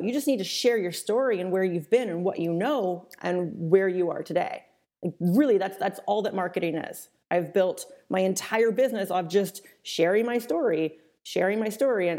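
A woman's voice: mid-range voice, mellow. A woman business coach giving a webinar training in a casual, chatty way, full of fillers and the odd mild swear word.

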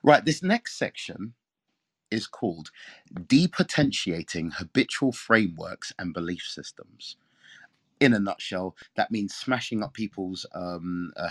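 A man's voice: low voice, unhurried, no room sound. A man from England with an English accent, hosting a casual live audio chat room, talking in a chatty, rambling way and reading aloud to listeners.

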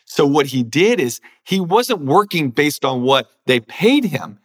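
Slightly high and sing-song, this pastor and author talks a little slowly. In an interview that turns into conversational preaching, he speaks earnestly and now and then voices inner thoughts to illustrate what he means.

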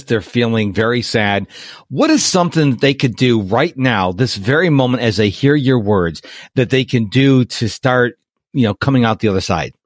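A man's voice: mid-range voice, no echo, studio quality. A man hosting a podcast, who asks his guest questions with enthusiasm and often restarts his sentences. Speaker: podcast host. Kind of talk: podcast interview.

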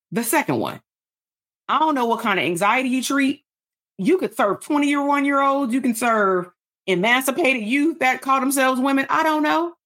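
A woman coaching therapists in an excited, animated workshop voice, acting out both sides of a dialogue. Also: fairly high pitch. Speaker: business coach and podcast host. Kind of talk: live workshop coaching, then podcast outro.

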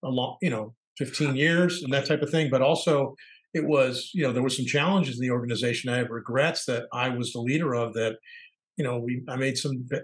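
A man's voice: mid-range voice, brisk, poor audio. A middle-aged man sharing candid personal reflections as a podcast co-host, thinking aloud and searching for words. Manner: candid, searching, acts out quoted voices.

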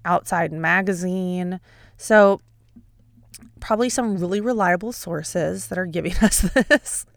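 A woman's voice: fairly low pitch, unhurried, creaky, no room sound, clean studio sound. A young adult woman hosting a casual solo podcast, chatty and sarcastic. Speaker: podcast host.

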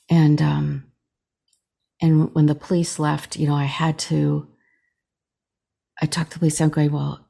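Middle-aged woman telling her story, husky low voice, halting, lots of ums and restarts. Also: mellow. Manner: halting retelling, many fillers and restarts, acts out quoted dialogue. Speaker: podcast guest, chaplain. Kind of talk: personal storytelling in an interview.

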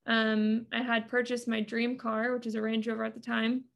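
A woman's voice: fairly high pitch, flat delivery, moderate pace, creaky. A woman guest on a podcast, telling her story in earnest, chatty talk with many fillers. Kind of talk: casual interview talk.

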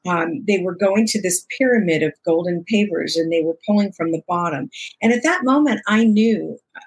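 A woman in her sixties, an interview guest telling a personal story in an expressive, conversational way, acting out dialogue and laughing often. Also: medium pitch, slightly rough. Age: 60s.

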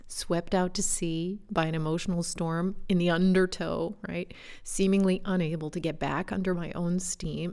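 A woman life coach telling a personal story in a gentle, introspective way, with soft laughs and whispered asides. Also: lowish voice, creaky. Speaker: life coach and podcast host. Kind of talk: reflective storytelling monologue.

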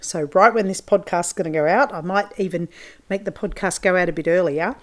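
A woman's voice: on the low side, a little fast. A woman hosting her own farming podcast, talking in a chatty, informal way with plenty of fillers. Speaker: podcast host and farmer. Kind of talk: solo podcast talk.

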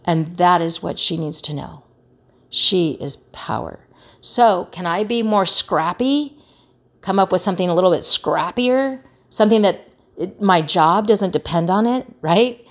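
A woman's voice: on the low side, normal speed. A middle-aged woman hosting a casual advice talk, earnest and conversational, acting out remarks she quotes. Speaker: host.

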